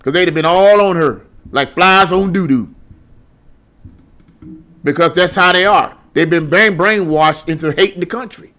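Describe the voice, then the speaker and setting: A middle-aged man with a somewhat high voice delivers a solo opinion commentary. He talks bluntly and heatedly, stumbling over repeated words when he gets worked up. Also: normal speed, pushed and bright, faint music behind. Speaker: political commentary host.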